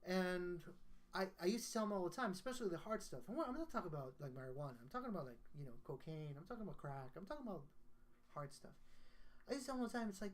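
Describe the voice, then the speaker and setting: A man's voice: high-pitched, expressive, quick pace. A man, a guest songwriter, telling a personal story in casual conversation, earnest and emotional, often restarting his sentences.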